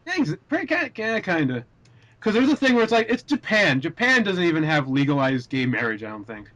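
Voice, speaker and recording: A young man with a somewhat high voice hosts a casual group chat. He rambles through his points with plenty of fillers. He laughs often as he talks. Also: sing-song, fairly quick, fairly bright tone. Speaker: podcast host.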